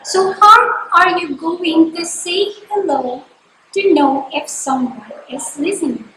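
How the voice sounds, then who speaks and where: A woman teacher giving a slow classroom lesson, with deliberate, exaggerated intonation in her examples and repeat-after-me drills. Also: very high voice, pushed and bright. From Philippines. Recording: echoey room, faint background hiss.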